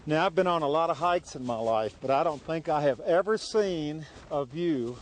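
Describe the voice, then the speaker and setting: A fairly high-voiced man hosts a travel show out on a high mountain trail. He sounds out of breath from the thin air. He keeps asking eager questions, full of wonder at what he sees. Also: expressive, normal speed, slight background noise. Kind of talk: outdoor travel show interview.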